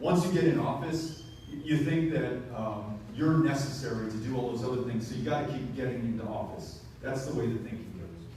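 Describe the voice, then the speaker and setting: Picked up from a distance in an echoey town hall, with a little hiss or hum, a Texan man with a mellow, medium-pitched voice speaks passionately as a political speaker. His delivery keeps climbing into emphatic, rising stretches in the roomy space.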